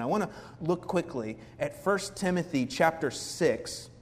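Pastor, male, slightly higher voice, chatty animated sermon delivery, reverberant church hall with faint ambience. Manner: conversational, animated preaching with quoted asides.

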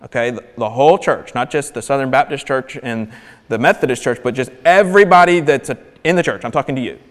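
A man preaching a sermon, animated and emphatic, sometimes dropping his voice to a near-whisper for emphasis. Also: mid-range voice, fast talker, big-room sound.

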